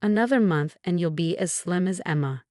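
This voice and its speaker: A woman's voice: lowish voice, moderate pace, darkish tone, dry recording, studio quality, lightly acted. A woman voicing a pushy middle-aged mother who talks in a sweet, insistent sing-song. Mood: coaxing.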